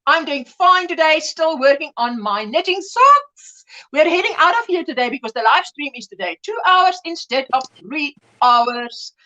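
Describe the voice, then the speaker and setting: A middle-aged woman hosts a relaxed livestream chat with a high, bright voice. She rambles in a friendly way and keeps breaking off and restarting her sentences. Her tone stays easy and conversational as she talks to her viewers. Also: normal speed, highs cut off. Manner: chatty, reads viewer comments aloud, rambling restarts. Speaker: livestream host. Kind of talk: casual chat.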